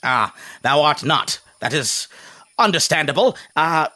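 A man's voice: on the high side, expressive, a little slow, bright, forceful tone. A man voicing a cheerful male forest being who speaks in formal, archaic thees and thous. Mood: jovial.

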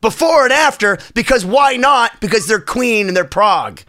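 An excited male podcast host gushes eagerly about music in casual chat. His voice is high for a man and bright in tone. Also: moderate pace.

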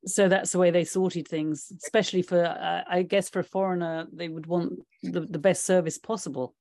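A woman's voice: on the low side, fairly even intonation, normal speed, mellow, no echo, clean studio sound. A woman interviewing an old acquaintance, prompting him with shared memories and laughing lightly. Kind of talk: conversational interview.

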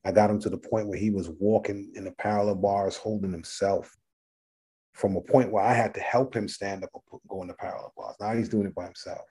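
A middle-aged man, a rapper guesting on an interview, telling animated stories, acting out voices and swearing freely. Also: fairly low pitch, fairly quick, slightly rough. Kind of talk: casual storytelling interview.

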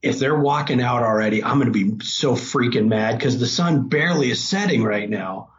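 Middle-aged man as a podcast guest, chatty storyteller at an average pitch, slightly dull recording with faint hiss. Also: moderate pace. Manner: animated, breaks into excited quoting. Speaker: hunting guest. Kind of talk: casual storytelling.

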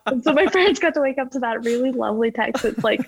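A woman's voice: high voice, quick pace, a little hiss or hum, rough recording. A young woman athlete telling stories in a casual interview, rambling with lots of "like" and laughing as she goes. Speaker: ski jumper guest.

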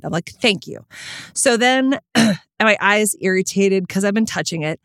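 A woman co-hosting a podcast, telling a story in casual chat, animated and swearing freely. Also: normal speed, clear, resonant tone, no echo, studio quality. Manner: animated, swearing, big pitch jumps when excited. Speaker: podcast co-host.

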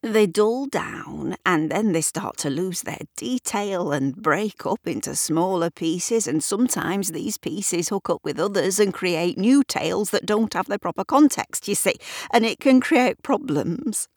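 A woman voicing a muddled, earnest old man who speaks gruffly and breaks off mid-sentence in a storybook reading. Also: lowish voice, animated, unhurried, a little mellow, dry recording, studio quality.

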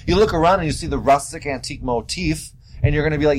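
Sassy, animated male podcast host. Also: rapid-fire, low-quality recording. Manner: animated, sassy, with big pitch jumps. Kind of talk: casual solo podcast monologue.

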